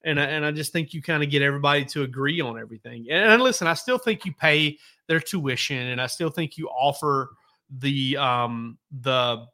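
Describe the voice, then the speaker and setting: Bright-voiced man telling rambling stories. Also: fairly high pitch, moderate pace. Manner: rambling, self-correcting, laid-back storyteller. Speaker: sports reporter. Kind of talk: casual podcast storytelling.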